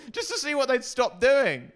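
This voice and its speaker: A man doing a stand-up comedy set, self-deprecating and hesitant with many ums, sometimes breaking into loud shouted bits. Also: extremely high pitch, wildly swooping pitch, takes it slowly.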